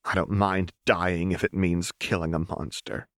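A man's voice: low-pitched, flat delivery, measured pace, fairly bright tone, no echo, studio quality. A man voicing a defiant young woman. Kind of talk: audiobook character voice.

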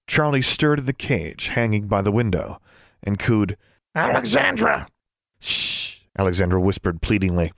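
A man narrating a fantasy audiobook in a steady, measured reading. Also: on the low side, dry recording, clean studio sound. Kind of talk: scripted story narration.

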